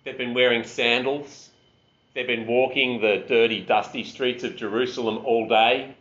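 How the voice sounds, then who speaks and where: A man preaching a sermon in a conversational, animated way, with asides about his family. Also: medium pitch, moderate pace. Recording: roomy, dull sound.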